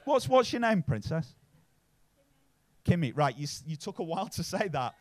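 A stand-up comedian with a Manchester-area accent works a comedy club crowd, swearing freely and tagging his lines with "right?". His voice sits high for a man, and his pitch swings widely as he talks. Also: very animated, normal speed. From Bury, near Manchester. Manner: swearing, chatty, keeps adding "right?".

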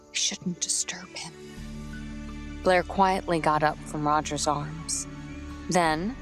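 Low-voiced woman narrating a story. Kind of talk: scripted narration.

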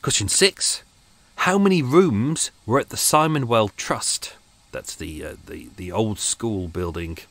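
A man's voice: on the low side, lively intonation, a little slow, no echo. Chatty British man hosting a podcast. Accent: British English. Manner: chatty, self-mocking, rambling asides. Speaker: podcast host. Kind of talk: casual chat. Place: home studio.

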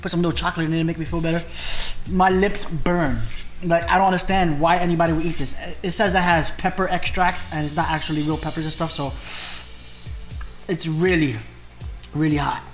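A man's voice: on the high side, steady tone, a little fast, soft background music. A man vlogging a spicy food challenge in a casual way, groaning and exclaiming between bites. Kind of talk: casual mukbang vlog.

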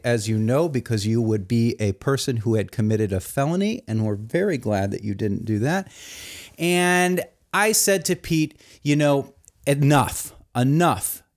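A man hosting a satirical comedy review show, talking in a mock-earnest, rambling way. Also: medium pitch. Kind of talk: deadpan satirical monologue.

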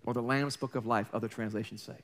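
A man preaching a sermon as a pastor, animated and acting out the voices he quotes. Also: mid-range voice, fast talker.

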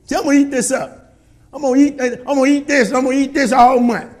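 A middle-aged male pastor preaching a sermon to his congregation in a church, calling for responses and often shouting. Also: very high-pitched, steady tone, quick pace.

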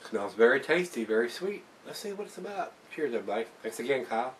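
A man's voice: medium pitch, sing-song, quick pace, recorded from a distance, slight background noise. A man giving a casual, folksy beer review to camera, chatting to viewers as guys. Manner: folksy, laid-back, keeps calling viewers "guys".

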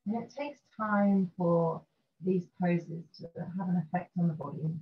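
A woman teaching a restorative yoga session, guiding gently and calmly through poses and breathing. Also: lowish voice. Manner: gentle, slow and soothing guidance. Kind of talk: guided restorative yoga instruction. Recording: dull lo-fi recording with faint noise.

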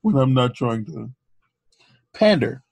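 A man co-hosting a casual podcast who talks earnestly with stammering restarts and keeps his voice above its natural deeper range. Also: very animated, slow pace, vocal fry, darkish tone, husky, no echo. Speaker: podcast co-host.

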